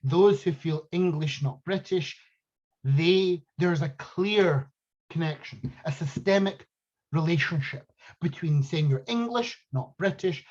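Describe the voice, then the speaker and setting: Husky man arguing his point. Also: a little high, takes it slowly, darkish tone, dull audio. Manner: emphatic, argumentative, dismissive. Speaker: podcast host. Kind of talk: political commentary monologue.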